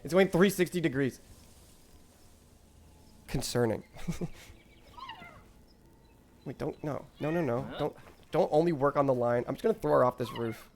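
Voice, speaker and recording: A man's voice: mid-range voice, normal speed, long pauses, a little mellow, slight background noise. A man streaming a game, rambling and joking with chat in crude casual talk, often stammering.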